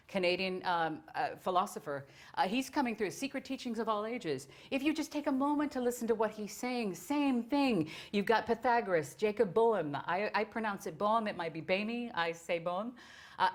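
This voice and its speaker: Enthusiastic woman giving a digressive talk. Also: mid-range voice. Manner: enthusiastic, digressive, many fillers. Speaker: theosophy speaker. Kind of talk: informal lecture.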